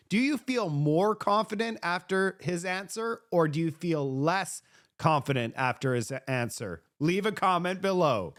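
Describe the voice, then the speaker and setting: Male political commentator, high pitch, sarcastic and emphatic delivery. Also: lively intonation, unhurried, fairly bright tone.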